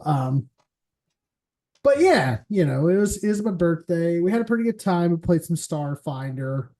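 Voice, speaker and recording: Slightly high-voiced laid-back stream host. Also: male voice, very animated, moderate pace, dark tone. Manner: laid-back, swears, laughs often. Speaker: show host. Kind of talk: casual chat on a stream.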